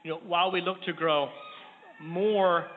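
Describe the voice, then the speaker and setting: A middle-aged man delivers a sermon in a steady, earnest way, lifting his voice whenever he reads scripture. His voice sits a little high for a man. The sound is thin and phone-like, with a long reverb trailing through a church sanctuary. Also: measured pace. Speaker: preacher. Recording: tinny lo-fi sound in a long-echo hall with faint noise.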